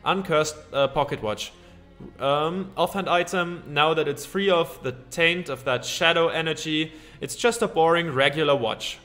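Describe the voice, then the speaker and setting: A man's voice: on the high side, bright, forceful tone. A man playing through a comedy game, reading its text aloud and joking around. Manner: playful, reads narration aloud with goofy asides. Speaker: gaming channel host. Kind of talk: let's-play commentary reading game text.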